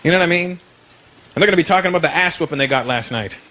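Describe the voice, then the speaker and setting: A man from Canada doing stand-up comedy on stage, animated and conversational, over loud crowd laughter. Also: on the high side, very fast, slight background noise. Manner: animated, conversational, punchline-driven.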